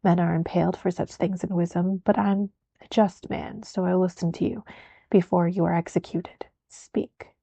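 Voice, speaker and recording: Woman reading Velerad, a gruff grumbling castellan. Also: lowish voice, steady tone, normal speed, mellow, no room sound, muffled recording. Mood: stern. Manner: stern and grumbling. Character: gruff wary male castellan, stern official. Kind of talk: whispered role-play.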